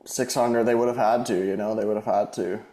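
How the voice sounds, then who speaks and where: A man's voice: on the low side, fairly even intonation, fairly quick, warm tone. A man co-hosting a casual fantasy football podcast, laid-back and swearing freely, laughing easily as he talks. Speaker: podcast co-host. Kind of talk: casual chat. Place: living in Australia.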